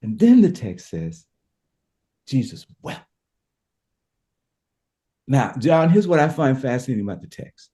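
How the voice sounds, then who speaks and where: A man's voice: mid-range voice, very animated, a little slow, pauses often, warm tone. A man speaking as a pastor and podcast guest, telling a scripture story with emphatic, preacher-style passion and repeated words as he builds each point.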